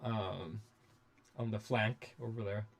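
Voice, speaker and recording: A man's voice: fairly low pitch, steady tone, slow, gravelly. A man hosting a casual studio livestream, rambling and restarting, with frequent swearing. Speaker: music producer and livestream host.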